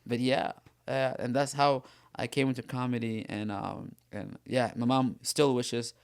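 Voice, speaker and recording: A young man from Sudan, a comedian co-host telling animated stories in casual podcast chat, often laughing and restarting his sentences. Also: mid-range voice, a little slow, creaky, smooth.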